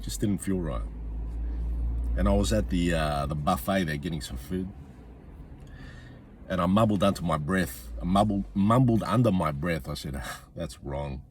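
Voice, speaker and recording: A man's voice: deep voice, moderate pace, long pauses, a little hiss or hum. A man, a comedian ranting bluntly and swearing often, repeating his points for emphasis. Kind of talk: profane comic rant.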